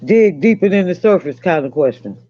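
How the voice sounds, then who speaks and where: A man on a panel, teasing his friends in a slow drawl during casual banter. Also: sits high, lively intonation, crowd noise. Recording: dry, dull lo-fi recording.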